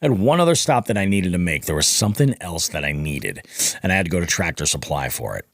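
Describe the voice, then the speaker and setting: A man's voice: low voice, fast talker, no echo. A man guesting on a podcast, telling a casual, profane story and acting out what people said. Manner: animated, profane, acts out quoted dialogue.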